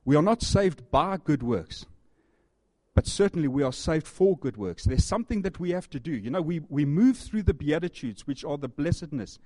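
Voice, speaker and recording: A man's voice: on the high side, expressive, moderate pace, darkish tone, dry recording. A man preaching a sermon, reading scripture aloud and repeating key phrases and questions with earnest emphasis. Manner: reads scripture aloud to the congregation. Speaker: pastor.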